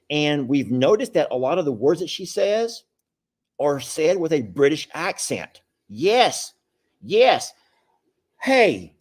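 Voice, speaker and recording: A man's voice: on the high side, darkish tone. A middle-aged man, hosting a live stream in a folksy, rambling, casual way and chuckling often.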